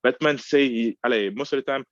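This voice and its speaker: Man talking haltingly in dry lo-fi audio. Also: mid-range voice, dry recording. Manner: halting, searching for words, frequent restarts. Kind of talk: casual discussion.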